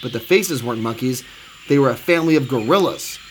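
A man reading a children's storybook aloud, expressive and sing-song. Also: mid-range voice, fairly quick, low-quality recording. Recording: steady background noise.

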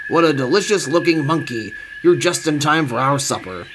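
A man's voice: on the high side, normal speed, natural voice. Brief: man voicing growly hungry lions, storybook read-aloud. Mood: menacing. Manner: loud, growling. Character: hungry menacing pack of lions. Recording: steady background noise.

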